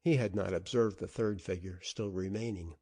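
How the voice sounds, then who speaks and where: A man narrating an old-fashioned audiobook story in an expressive, dramatic way. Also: sits low, normal speed.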